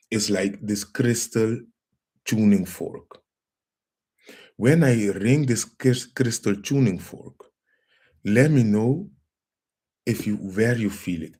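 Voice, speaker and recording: Male live stream host, lowish voice, unhurried, calm and repetitive. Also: slightly rough. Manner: slow, calm, repeats phrases, addresses viewers as family. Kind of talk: casual live stream demonstration.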